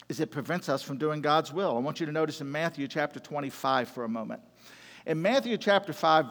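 High-voiced preacher man in a reverberant hall. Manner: animated preaching, acts out quotes, swings loud and soft. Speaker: pastor. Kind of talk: sermon.

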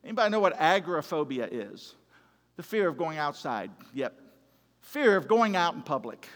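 Male pastor, high-pitched, animated sermon delivery, long reverb. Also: normal speed. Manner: animated preaching, acts out quotes, swings loud and soft.

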